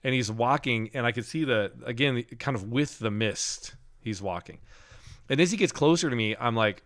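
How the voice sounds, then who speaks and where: A middle-aged man telling a personal story in loose, conversational podcast talk. His voice sits at an ordinary middle pitch, and he laughs often and breaks off into halting restarts as he goes. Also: fairly bright tone. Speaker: podcast co-host. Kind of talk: casual storytelling.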